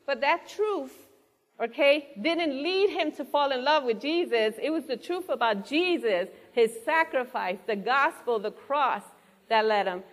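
A woman delivers a sermon in a fairly high voice. She speaks with earnest conviction and keeps turning to the congregation with questions. Her voice rings out into a hall with a long, lingering reverb. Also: expressive, unhurried. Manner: earnest, asks the audience questions. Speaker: preacher.

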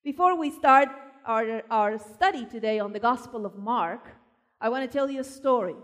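A woman from Argentina preaching a sermon, telling personal stories with animated emphasis. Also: fairly high pitch, normal speed. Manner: animated storyteller, voice rising for emphasis. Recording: long hall reverb.

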